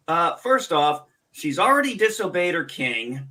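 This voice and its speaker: A man's voice: on the high side, very animated, a little slow, bright, forceful tone. A man hosting a casual stream, ranting sarcastically and swearing freely. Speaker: streamer host.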